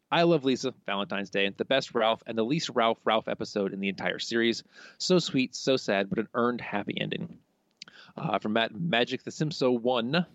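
A man co-hosting a podcast, reading listener answers aloud in a casual way with quick asides. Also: medium pitch, no echo. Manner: reads listener messages aloud, chuckling asides. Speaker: podcast co-host. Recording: dull, slightly lo-fi dry sound.

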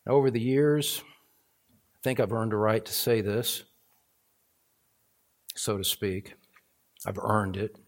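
A middle-aged male pastor preaching a sermon, moving from calm teaching to fervent, emphatic passages. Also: on the low side, slow, pauses often.

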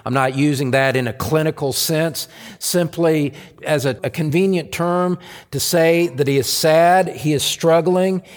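A man's voice: on the high side, a little slow, in a large hall. A man preaching an earnest expository sermon, reading scripture aloud and explaining it.

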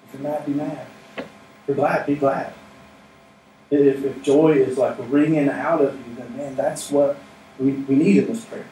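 A male pastor talks through his sermon in a relaxed, joking, plain-spoken way. The sound is roomy and echoing, picked up from a few steps back. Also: medium pitch, unhurried, long pauses. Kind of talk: conversational sermon. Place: church sanctuary with responding congregation. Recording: echoey room, mic at a distance, faint noise.

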